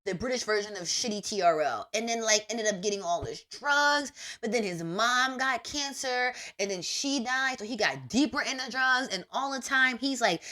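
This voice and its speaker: A young adult woman hosting a podcast, giving a casual, emphatic monologue full of slang and big pitch swings. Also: animated, normal speed, few pauses, bright, forceful tone. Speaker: podcast host.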